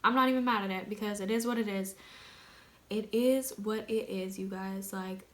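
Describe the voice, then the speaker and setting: A woman's voice: mid-range voice, normal speed. A young woman vlogging casually to camera, chatty and slangy, talking straight to her viewers. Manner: chatty, slangy, animated, addresses viewers as "you guys". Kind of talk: casual direct-to-camera vlog.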